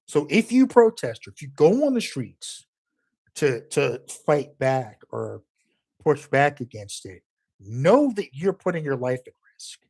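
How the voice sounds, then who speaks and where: A man's voice: fairly high pitch, sing-song, unhurried, creaky, darkish tone, slightly rough. A man delivering a heated, profane political rant as a commentator, emphatic and angry throughout.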